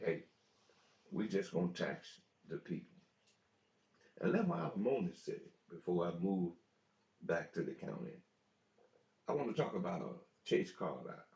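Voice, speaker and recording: A man's voice: deep voice, dark tone. A man hosting a talk show who delivers a political commentary monologue, preaching and repeating his points for emphasis. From United States. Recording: dull echoey room recording.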